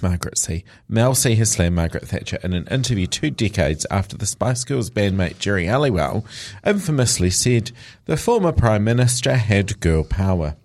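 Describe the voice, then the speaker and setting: A man's voice: fairly low pitch, animated, normal speed, a little mellow. A man hosting a show, reading celebrity news with chatty asides and jokes, often stumbling over words. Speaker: radio host.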